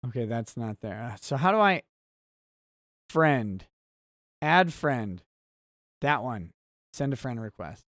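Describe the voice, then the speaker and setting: A man hosting a relaxed livestream, reading viewer chat aloud and answering in a rambling, easily sidetracked, wry way. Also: medium pitch, slow pace, long pauses, no room sound, studio quality.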